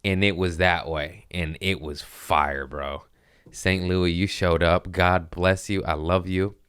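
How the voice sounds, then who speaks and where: Male podcast host, 30s, deep resonant voice, loose and profane. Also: steady tone, slow pace, a bit bright, clear, resonant tone, dry recording, studio quality. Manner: profane, rambling storytelling. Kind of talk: casual podcast chat.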